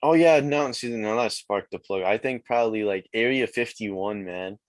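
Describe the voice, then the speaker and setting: A laid-back teenage guy from Quebec talks in a casual interview. His voice sits low, and the close recording is very dry. He keeps leaning on "like" and "man" as fillers. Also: moderate pace, dry recording. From Quebec, Canada. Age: teens. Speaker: guest rapper. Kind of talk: casual chat.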